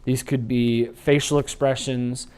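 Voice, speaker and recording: A man teaching a sign language training unit in an instructional lecture, explaining patiently and slowing down to demonstrate. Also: medium pitch, level tone, darkish tone, clean tone. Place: training video recording.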